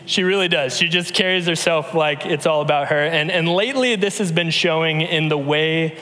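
A man in his thirties delivers a relaxed, story-driven sermon, stumbling into restarts and fillers as he talks. His voice sits a little high for a man. A long reverb from the big hall trails behind every phrase. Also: moderate pace. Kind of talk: conversational sermon.

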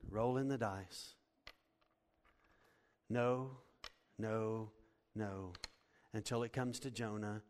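A man preaching a sermon in a church, dramatic, swinging from hushed tones to loud exclamations. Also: fairly low pitch, takes it slowly, pauses often. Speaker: pastor. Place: church hall. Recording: long hall reverb.

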